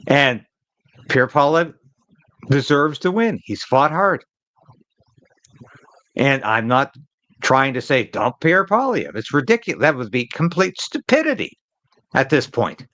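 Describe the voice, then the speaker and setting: A man's voice: mid-range voice, big pitch swings, measured pace, long pauses, a bit bright, no room sound, low-quality recording. A man hosting a live political commentary stream, talking in an emphatic, opinionated way and repeating phrases to drive a point home.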